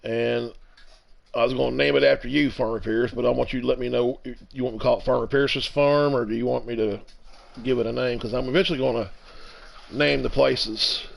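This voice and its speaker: A man in his fifties giving casual, rambling commentary while playing a farming game, with halting restarts. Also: mid-range voice, fairly even intonation, creaky, rough recording. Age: 50s. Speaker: let's play streamer.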